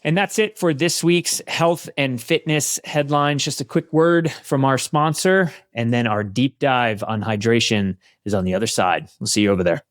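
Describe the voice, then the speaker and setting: A man's voice: medium pitch, moderate pace, hardly any pauses, dry recording, clean studio sound. A middle-aged man hosting a health podcast, reading news headlines with casual, chatty asides. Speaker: podcast host.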